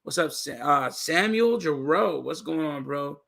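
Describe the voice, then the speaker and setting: A man's voice: fairly high pitch, expressive, measured pace, vocal fry, fairly bright tone. A man hosting a livestream, chatting casually in a laid-back way. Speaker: livestream host.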